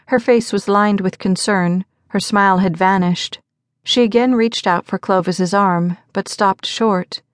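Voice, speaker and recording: A woman reading a mystery audiobook aloud, voicing each character with small shifts in pitch. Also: steady tone, a little slow, no room sound, studio quality. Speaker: audiobook narrator. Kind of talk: scripted narration.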